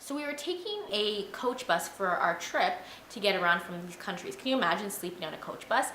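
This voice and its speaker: A young woman in a casual vlog, telling a travel story in an animated, chatty way, full of "like" and "you know". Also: medium pitch, brisk, a little hiss or hum. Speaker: travel vlogger. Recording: echoey room.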